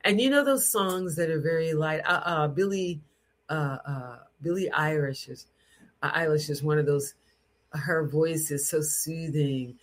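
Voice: mid-range voice, measured pace. An adult speaking in an unscripted teaching talk about sound, with a strong, frank and direct tone. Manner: demonstrates sounds with lively put-on voices and bits of song.

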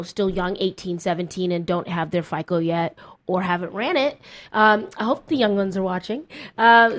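Chatty upbeat woman host. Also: medium pitch. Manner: chatty, upbeat, lively questions. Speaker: podcast host. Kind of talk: casual interview chat.

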